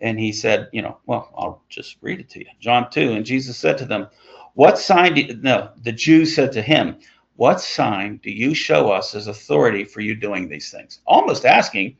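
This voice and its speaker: Male Bible study teacher, gravelly, casual and digressive, muffled lo-fi sound. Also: mid-range voice, sing-song, normal speed. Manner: conversational, digressive, chuckling asides.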